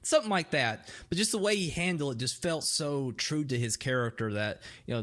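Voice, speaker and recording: A man's voice: a little high, lively intonation, brisk, hardly any pauses, fairly bright tone. A man co-hosting a movie review podcast, joking around and rambling until he loses his train of thought. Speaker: podcast co-host. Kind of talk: casual movie review chat.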